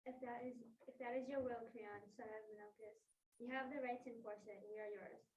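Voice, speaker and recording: A woman's voice: on the high side, steady tone, brisk, lightly acted. A woman in a classroom reading the part of a deferential chorus of elders, hesitant and submissive. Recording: distant classroom recording with hiss.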